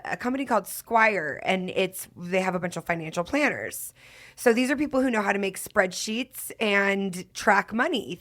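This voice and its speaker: A woman's voice: mid-range voice, a bit bright. A woman hosting a podcast in casual, effusive chat, laughing often as she talks. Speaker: podcast host.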